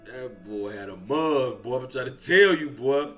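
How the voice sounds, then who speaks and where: A man's voice: medium pitch, a little slow, soft background music. A man hosting a reaction video, telling street stories in a loose, profane, slang-heavy way and ending lines with "boy". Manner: animated, slangy, drawls 'boy' at line ends. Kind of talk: casual profane storytelling.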